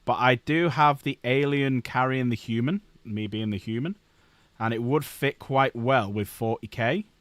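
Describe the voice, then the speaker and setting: At his desk, a man hosts a casual live stream while building models, joking, swearing and laughing often. His mid-range voice is a bit bright and a little slow, with no room sound.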